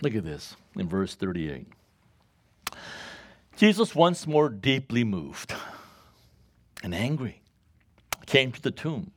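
A man's voice: takes it slowly, pauses often. A man preaching a sermon, reading scripture and asking the congregation to finish his lines, chuckling often. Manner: call-and-response questions to congregation, chuckles often; reads scripture aloud, rises in pitch when animated. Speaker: pastor.

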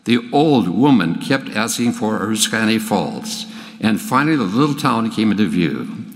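An older man, a pastor, giving a sermon in a folksy storytelling way, with halting restarts. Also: lowish voice, very animated. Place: church sanctuary. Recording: long church reverb.

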